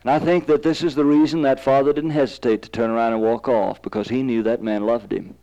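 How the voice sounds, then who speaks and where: A man's voice: mid-range voice, fairly even intonation, fast talker, dark tone, poor audio. A man preaching a sermon, telling stories and rising to fervent emphasis.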